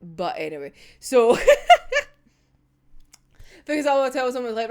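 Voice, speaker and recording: High, lively woman swearing freely. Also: measured pace, long pauses, clean tone. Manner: sweary, laughs often, animated. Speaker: manga reviewer. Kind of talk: casual reaction chat.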